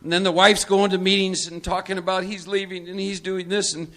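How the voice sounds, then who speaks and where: Texas guy running a recovery workshop, punchy and teasing, bright voice. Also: high voice, little pitch movement, fairly quick. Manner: emphatic, teasing, asks for agreement. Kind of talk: live workshop talk.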